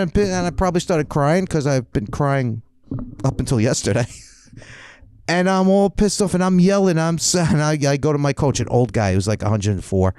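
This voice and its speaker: A middle-aged man co-hosting a podcast, telling a story in casual chat, laughing often and getting loud as he relives his anger. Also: mid-range voice, a little fast, clear, resonant tone, no echo, clean studio sound. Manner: animated storyteller, laughs often, voice climbs when recounting anger. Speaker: podcast co-host.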